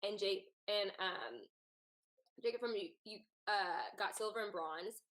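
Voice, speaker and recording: A woman's voice: medium pitch, a little slow, fairly bright tone, rough recording. A woman co-hosting a casual live chat who recaps events in a rambling, conversational way. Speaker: co-host.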